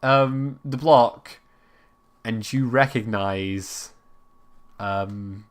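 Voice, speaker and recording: A man's voice: lowish voice, extremely slow. A man narrating as game master of a tabletop game, rambling with frequent fillers.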